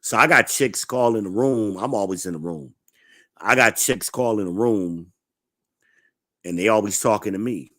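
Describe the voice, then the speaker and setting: A man's voice: on the low side, moderate pace, pushed and bright, no echo, clean studio sound. A man in his forties telling blunt, profane stories in a laid-back, casual vlog monologue. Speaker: vlogger.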